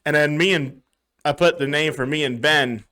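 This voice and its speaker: A man's voice: a little high, normal speed, sharp tone. A young man co-hosting a podcast, telling rambling bar stories in casual chat, swearing a lot and acting out what people said. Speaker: podcast co-host.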